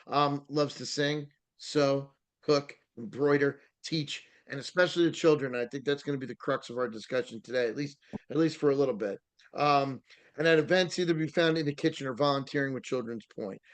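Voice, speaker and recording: A man's voice: medium pitch, a little fast. A man hosting a podcast in casual chat, rambling with frequent fillers and restarts. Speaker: podcast host.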